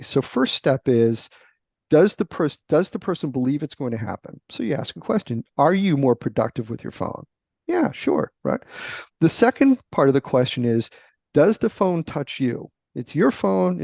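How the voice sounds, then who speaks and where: A middle-aged man with a gravelly voice, a guest author explaining sales ideas in a teacherly, emphatic interview manner. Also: on the high side, darkish tone, no room sound. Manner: emphatic, teacherly, checks in with "right?". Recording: dull lo-fi dry remote audio.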